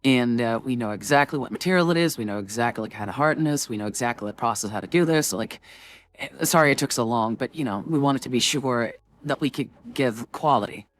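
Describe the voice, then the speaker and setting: A woman's voice: rumbling low, fast, dry recording. A woman streamer chatting casually with her viewers before a tabletop game, rambling and full of filler words.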